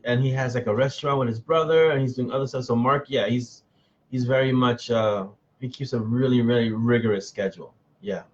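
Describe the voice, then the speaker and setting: A man's voice: medium pitch, slight background noise. A middle-aged man chats with his live-stream audience, greeting viewers by name and joking at his own expense. His voice sits in a middle register. The sound is a little dull and lo-fi, like a webcam stream. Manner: chatty, answers viewers by name, self-mocking. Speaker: author hosting a live chat. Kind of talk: casual live-stream chat reading comments.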